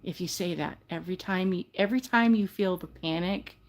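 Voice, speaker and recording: Earnest older woman with gravelly voice. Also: fairly low pitch, a little fast. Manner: earnest, rambling, self-correcting, heartfelt. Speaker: livestream host. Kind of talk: casual livestream chat.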